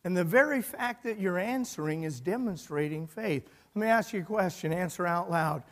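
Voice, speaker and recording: A male pastor delivers a sermon, animatedly telling a scripture story to his congregation at a moderate pace and swinging between booming and hushed tones. His voice is unusually high for a man and rings through a church sanctuary with long, trailing reverb.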